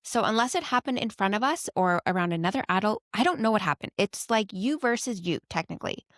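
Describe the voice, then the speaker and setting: A woman in her thirties, a mother co-hosting a casual podcast chat, telling family stories in a lively way and laughing often. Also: mid-range voice, fast, no room sound, clean studio sound. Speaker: podcast co-host.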